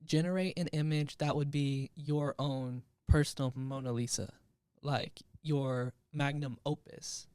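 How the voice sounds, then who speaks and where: A man's voice: on the high side, fairly even intonation, unhurried, darkish tone, smooth, no echo, studio quality. A man in his twenties hosting a podcast, talking casually and wryly, with plenty of 'like's. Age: 20s. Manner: casual, filler-heavy, wry. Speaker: podcast host. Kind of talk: casual chat.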